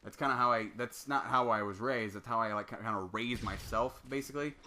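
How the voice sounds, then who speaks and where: A man's voice: medium pitch, brisk, pushed and bright, a little hiss or hum. A young man giving casual solo game commentary, telling a rambling, profanity-laced story. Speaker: gameplay commentator.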